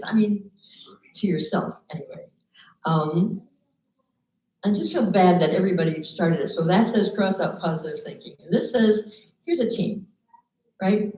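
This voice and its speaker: Woman motivational speaker, animated storyteller, echoey room, muffled recording. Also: lowish voice, normal speed, pauses often. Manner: lively storyteller, acts out quoted people. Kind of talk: live talk to an audience with slides. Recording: echoey room, dull lo-fi sound.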